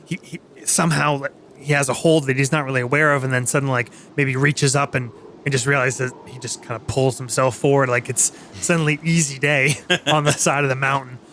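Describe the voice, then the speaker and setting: Acting as game master in a tabletop game, a man narrates haltingly, full of fillers and restarts. His mid-range voice is fairly bright with fairly even intonation, and there's a little hiss or hum in the recording.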